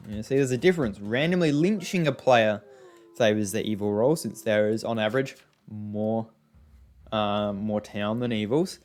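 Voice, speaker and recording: A man's voice: lowish voice, moderate pace, a little mellow. A young man giving casual, rambling gameplay commentary, often exasperated, with many fillers and restarts. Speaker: gaming YouTuber.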